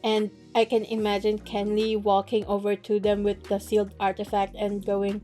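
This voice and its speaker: A woman casually recapping a novel chapter by chapter, chatty and quick to laugh, with plenty of fillers. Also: mid-range voice, completely flat delivery, mellow, soft background music. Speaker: book recap creator.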